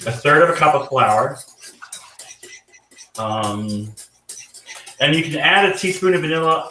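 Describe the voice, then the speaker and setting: Southern-born guy with a plain american accent, bright voice, chatting away as he cooks, sounds a bit far off in an echoey room. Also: on the high side, slight background noise. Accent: General American. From North Carolina, raised partly in Georgia. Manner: chatty, lots of "like" and "you know". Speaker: guest cook. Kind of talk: casual chat while cooking.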